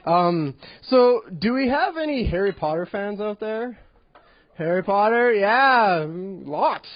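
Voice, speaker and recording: A young male comic does an awkward, giggly stand-up set. His voice is high and very lively. The sound is dry and dull, as on a lo-fi live tape. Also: takes it slowly, no echo. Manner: awkward and giggly, with many ums. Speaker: stand-up comedian. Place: comedy club.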